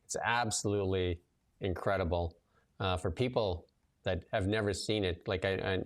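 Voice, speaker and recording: A man's voice: sits low, normal speed. A man hosting a casual livestream chat, loose and talkative with lots of fillers as he tells stories. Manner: loose and chatty, many fillers, lively storytelling. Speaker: show host and commentator.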